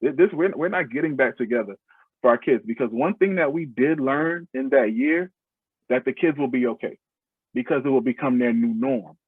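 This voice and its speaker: A man tells his story as a podcast guest in a husky voice, earnest and heartfelt, his phrases starting over as he goes. The sound is thin and phone-like, and dry with no room around it. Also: mid-range voice, normal speed, no echo. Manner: earnest, heartfelt, speaks in loose restarting phrases. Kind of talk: casual interview storytelling.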